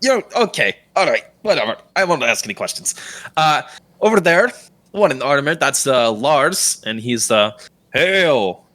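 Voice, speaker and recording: A man's voice: mid-range voice, expressive, unhurried, bright, forceful tone. A man voicing a smug, cocky half-elf adventurer captain who talks in a breezy, offhand way.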